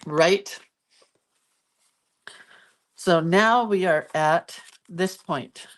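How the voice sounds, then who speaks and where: Woman host of a relaxed live doodle lesson, talking slowly and chattily as she draws, on a phone mic. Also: fairly low pitch. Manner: chatty, thinks aloud while drawing. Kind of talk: casual live drawing tutorial. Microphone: phone camera.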